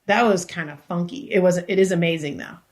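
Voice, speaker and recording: A woman's voice: lowish voice, a little fast. A woman actor and comedian, a podcast guest telling loose, rambling stories with restarts and the odd swear word. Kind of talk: casual podcast chat.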